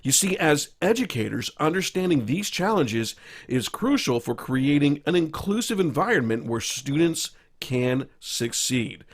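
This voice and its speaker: A man's voice: on the high side, very animated. Man presenting a staff training lecture. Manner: measured, explanatory, with occasional fillers. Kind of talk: recorded slideshow lecture.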